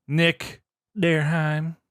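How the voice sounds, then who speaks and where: A man's voice: on the high side, completely flat delivery, extremely slow, fairly bright tone, clear, resonant tone, no room sound, clean studio sound. A man co-hosting a gaming podcast, teasing his friends in casual banter. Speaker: podcast co-host. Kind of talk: casual chat.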